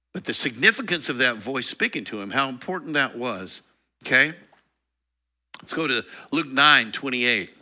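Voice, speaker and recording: A man's voice: medium pitch, bright, forceful tone. A man preaching a conversational sermon, reading scripture and teaching with light laughs and self-corrections. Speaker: pastor.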